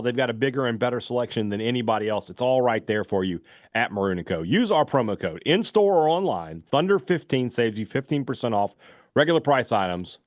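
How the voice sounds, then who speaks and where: On his sports talk radio show, this man delivers live ad reads casually, rambling with plenty of fillers. He speaks at a medium pitch in a clean, dry studio recording.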